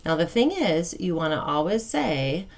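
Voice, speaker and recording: A woman coaching parents, speaking calmly and kindly and acting out what a parent and a child might say. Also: on the low side, moderate pace. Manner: calm, kind, plain-spoken, acts out parent and child phrases. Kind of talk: advice talk to camera.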